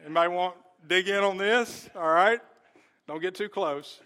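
A male pastor preaching a sermon in church. He speaks earnestly and directly, putting questions to the congregation and slowing down to stress key words. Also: high-pitched, bright, forceful tone. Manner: talks straight to the congregation with questions.

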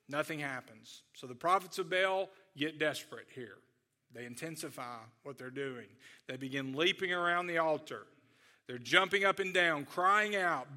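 A man preaching a sermon in a conversational teaching manner, often restarting his sentences. His voice sits high and sounds very bright and sharp. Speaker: pastor.

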